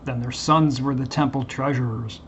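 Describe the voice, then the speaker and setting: A man reading passages aloud and commenting on them, halting often with fillers and restarts. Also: mid-range voice, steady tone, fairly bright tone. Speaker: Bible commentary vlogger. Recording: dull lo-fi recording with faint background hiss.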